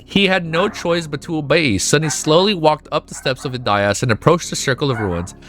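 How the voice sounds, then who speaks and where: A man streaming himself reading a web novel aloud, breaking into emotional, profane, excited reactions. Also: a little high, moderate pace. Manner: emotional, swears often, gushes in excited outbursts.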